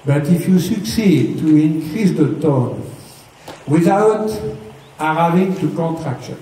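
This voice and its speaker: A man teaches riding, patient and methodical, checking in often. His voice is mellow and a bit higher than most men's. He sounds far from the mic in a very echoey space with a faint hiss behind. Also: lively intonation, takes it slowly. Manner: patient, explains step by step, often checks "okay?". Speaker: riding instructor. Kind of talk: hands-on riding lesson.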